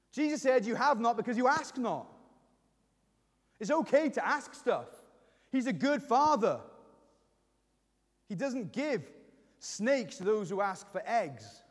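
A middle-aged man delivers a sermon in a strikingly high voice. He acts out heartfelt prayers with real feeling. His words ring out through a hall with a long echo. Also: very animated, unhurried, pauses often. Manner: emotional, voicing prayers aloud with rising intensity. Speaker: pastor.

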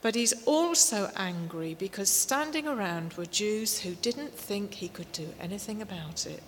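A woman preaching a sermon, slow and emphatic, with warm storytelling asides. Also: mid-range voice, animated. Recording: long hall reverb, faint noise.

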